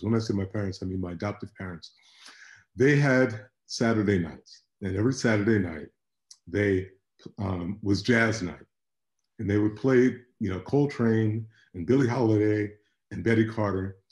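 A man speaking as a panelist on a virtual conversation, halting and repeating words as he thinks. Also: fairly low pitch, darkish tone, echoey room. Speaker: panelist artist. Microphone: video call.

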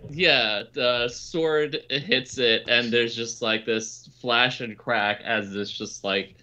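A man playing a tabletop game who speaks in an unhurried, hesitant way, with many fillers and laughs. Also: medium pitch, fairly even intonation, sharp tone. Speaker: player. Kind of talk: casual tabletop play. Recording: dull lo-fi mic.

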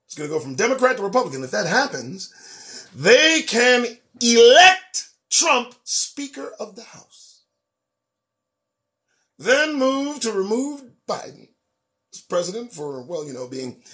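A man hosting his own show, delivering a profane, preachy political monologue that swings between loud emphasis and low asides. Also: sing-song, a little slow. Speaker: host.

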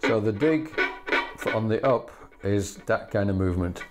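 A man's voice: fairly low pitch, measured pace, over loud music. Patient man teaching fiddle bowing. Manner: patient, methodical, sings rhythms aloud. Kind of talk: instructional demonstration. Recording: loud fiddle playing between phrases.

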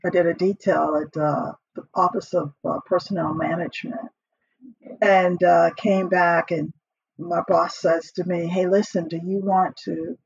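A middle-aged woman with a slightly husky voice chats as a guest on a podcast. She tells her stories with laughter and acts out her old lines. The sound is dry and a little dull. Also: fairly low pitch, no room sound. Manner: lively, laughs often, acts out her own quotes. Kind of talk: casual storytelling interview.

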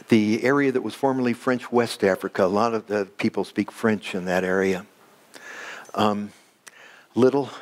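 A man, a pastor, preaching a sermon in a church. He talks with animation, climbing high when excited, and drops soft, slow and low when he prays.

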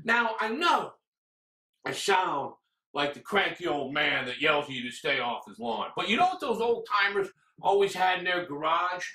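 A man delivering a scripted comic rant about drinks, building up to shouts. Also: high-pitched, sing-song, moderate pace. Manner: ranting, escalating to shouts. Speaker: comedian reviewing drinks. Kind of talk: scripted comedic monologue. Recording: roomy echo.

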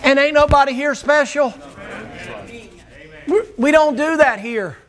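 This man preaches in a rather high voice, working a church crowd with homespun, joking stories. His delivery stays conversational, like he is talking to neighbors from the pulpit. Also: unhurried, fairly bright tone. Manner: folksy storytelling with humor. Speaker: pastor. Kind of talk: sermon. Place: church sanctuary before a congregation. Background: congregation answering amen.

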